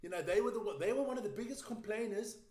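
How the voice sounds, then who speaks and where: A man with a high voice, talking in brash, teasing chat and cursing as he pleases. He sounds like he is in a roomy space with a noticeable echo. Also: fast talker, crowd noise. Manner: brash, teasing, swears freely. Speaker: podcast co-host. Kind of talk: casual chat.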